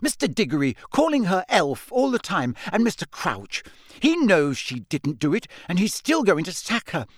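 A man voices an outspoken teenage girl, pitched above his own voice and heavily acted, arguing heatedly and insistently in a furious mood. The voice sits high with wildly swooping pitch and a moderate pace, recorded at studio quality with no echo.

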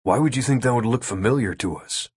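A man plays a skeptical wizard who fires off wry questions at a brisk clip. His voice sits low and dry, close to the mic of an audiobook read. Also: a little mellow, slightly rough, no room sound, close to an everyday voice.

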